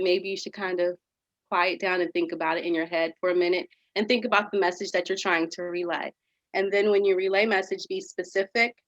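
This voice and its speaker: A woman teaching kids in an upbeat, animated virtual after-school lesson, sometimes reading a passage aloud. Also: mid-range voice, dry recording, muffled recording.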